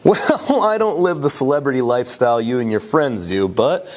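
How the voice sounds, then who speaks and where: A man's voice: medium pitch, expressive, normal speed. A man chatting as a company partner, joking and laughing as he talks.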